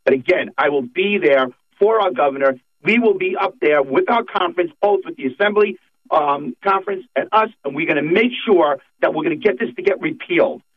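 A man's voice: fairly high pitch, fairly quick. A middle-aged man, a political guest on a talk show, speaking in a fired-up, emphatic, repetitive way. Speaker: state senator guest. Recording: tinny phone line.

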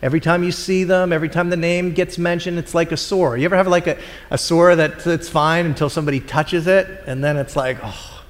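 A man's voice: a little high, steady tone, brisk, long reverb tail. A man preaching a sermon in a conversational way, acting out the voices of people in the story. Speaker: pastor.

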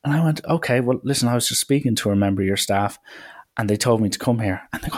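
A man, a podcast host telling coaching stories in a casual, animated way and acting out the people he quotes. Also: quick pace. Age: 20s. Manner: animated, acts out quoted people with big pitch jumps. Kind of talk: casual storytelling monologue.

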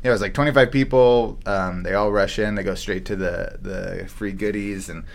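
A man's voice: lowish voice, fairly even intonation, moderate pace, gravelly. Laid-back man hosting a shop podcast. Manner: rambling, loose storytelling with fillers and casual swearing. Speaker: comic shop owner and podcast host. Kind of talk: casual podcast chat.

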